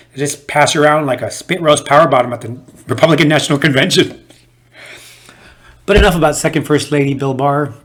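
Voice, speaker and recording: A man doing a stand-up set for a home-made video with no audience, telling stories and acting out the people in them. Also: a little high. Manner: animated storyteller who acts out the people in his stories. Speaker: stand-up comedian.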